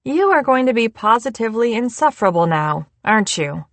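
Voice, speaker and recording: A woman's voice: a little high, sing-song, fairly quick, dry recording, pitched above the performer's own voice. A woman voicing a bossy, teasing young woman in an audiobook, blunt and wry in her delivery.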